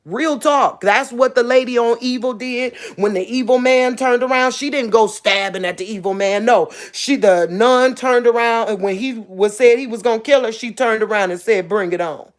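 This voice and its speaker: Woman, online preacher, informal sermon, emphatic then hushed, "real talk" asides. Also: moderate pace, few pauses. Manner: repeats "real talk" and "you get what I'm saying"; rises high and emphatic, then drops soft and emotional. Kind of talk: informal spoken sermon to camera.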